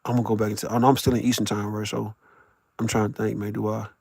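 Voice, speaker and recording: A man's voice: lowish voice, little pitch movement, quick pace, creaky, a little mellow, husky, dry recording. A man live-streaming from his vehicle while driving for work, chatting loosely with viewers in a boisterous, profane way and laughing often. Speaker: live streamer talking to chat. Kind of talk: casual live-stream chat.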